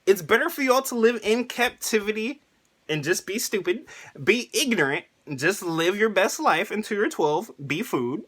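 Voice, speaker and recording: A man voicing a sinister, sweet-talking woman caretaker who coldly dismisses the children, in a falsetto-pitched imitation. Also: very animated, normal speed, a bit bright, heavily acted. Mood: mocking.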